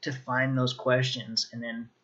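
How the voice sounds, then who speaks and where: Slow, relaxed man teaching vocabulary. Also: mid-range voice, muffled recording. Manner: relaxed, lots of ums and restarts. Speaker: language teacher. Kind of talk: casual video lesson.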